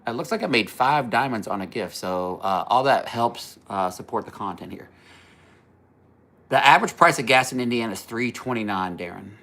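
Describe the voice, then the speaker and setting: A man's voice: medium pitch, lively intonation, normal speed, gravelly, bright, forceful tone. A man hosting a casual livestream, rambling through a story, laughing at his own jokes and answering viewer comments. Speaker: livestream host.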